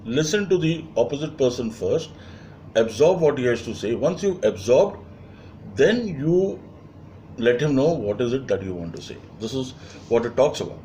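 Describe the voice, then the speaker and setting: A man's voice: mid-range voice, expressive, normal speed, warm tone, slight background noise. A man lecturing as a leadership trainer, emphatic and repeating key phrases, with frequent fillers.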